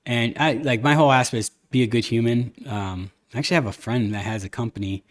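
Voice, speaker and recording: Guy hosting a podcast, just rambling, middle pitch, candid storytelling. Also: quick pace. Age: adult, a father. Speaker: podcast host. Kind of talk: casual chat.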